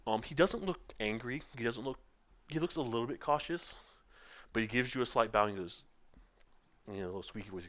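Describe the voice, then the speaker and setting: A man's voice: medium pitch, animated, brisk, pauses often, fairly bright tone. Man narrating as game master. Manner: descriptive, many filler ums. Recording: muffled lo-fi voice chat.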